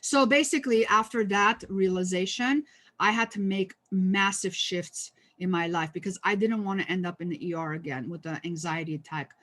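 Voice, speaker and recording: A woman's voice: on the low side, normal speed, a bit bright. A woman trainer giving a conversational workshop talk on stress, with lots of fillers and restarts and a touch of humor. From United States. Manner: lightly humorous. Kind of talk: online training presentation.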